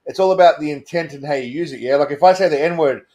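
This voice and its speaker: A man's voice: on the high side, quick pace, hardly any pauses, a little mellow. An Australian man co-hosting a casual livestream chat, rambling and repeating himself and laughing often. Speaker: co-host of a livestream show.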